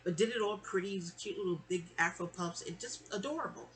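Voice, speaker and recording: A middle-aged woman from New York telling a long personal story in a chatty, animated way, slipping into other people's voices. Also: mid-range voice, brisk. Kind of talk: casual storytime monologue.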